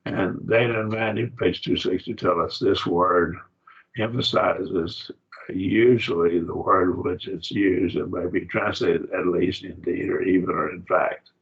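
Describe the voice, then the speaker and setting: A man lectures to a class in a low, gravelly voice, walking through each point plainly and patiently. The recording is dull and lo-fi. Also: steady tone, unhurried. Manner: plain, explanatory, with fillers and restarts. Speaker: Bible class teacher.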